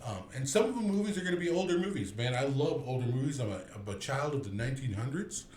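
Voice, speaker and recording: A man's voice: medium pitch, expressive, fast talker, darkish tone, reverberant, a little hiss or hum. A man in his thirties hosting a movie review podcast, rambling casually with many restarts and fillers.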